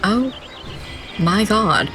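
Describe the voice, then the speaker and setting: A woman's voice: medium pitch, expressive, extremely slow, sharp tone, faint music behind. Giggly young woman streaming a game. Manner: giggly, easily cracks up, chatty asides. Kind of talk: casual game stream commentary.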